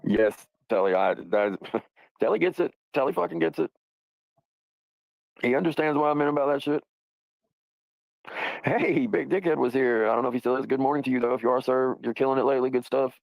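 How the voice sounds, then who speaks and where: A man's voice: medium pitch, a little fast, vocal fry, long pauses, no echo, poor audio. A man hosting a livestream, talking in a rambling, profane, casual way and laughing often. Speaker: livestream host.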